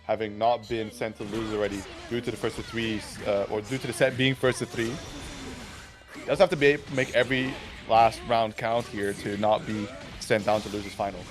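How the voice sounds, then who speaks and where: A man's voice: lowish voice, level tone, normal speed, music in the background. A young man giving live fighting game commentary, analytical and heavy on fillers, often asking "right?". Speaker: esports commentator.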